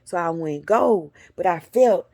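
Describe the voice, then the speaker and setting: Woman telling a spirit story, cusses, dark mellow voice, gets whispery. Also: fairly low pitch, unhurried, vocal fry, no echo. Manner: animated, cussing, talks straight to her viewers. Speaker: spiritual vlogger.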